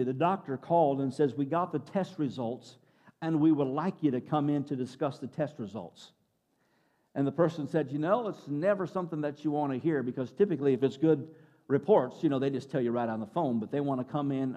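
A pastor with a slightly high voice preaches a sermon, alternating loud exclamations with hushed passages and repeating words as he builds momentum.

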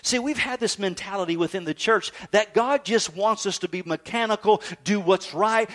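A man preaching a sermon, swinging between emphatic high peaks and low, soft stretches. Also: normal speed, few pauses. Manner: animated preaching, rising to emphatic highs then dropping low and soft. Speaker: pastor.

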